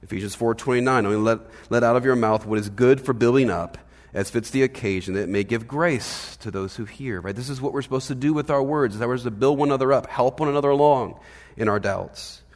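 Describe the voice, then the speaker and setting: A man preaching a sermon as pastor, conversational and animated, often checking in with "right?". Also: mid-range voice, quick pace, big-room sound. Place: church hall.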